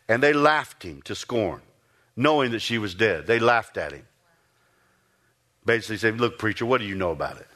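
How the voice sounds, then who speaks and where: A man preaching a sermon, retelling scripture stories in a folksy, animated way, often repeating and restarting his phrases. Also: medium pitch. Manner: animated storytelling, rising to emphatic peaks.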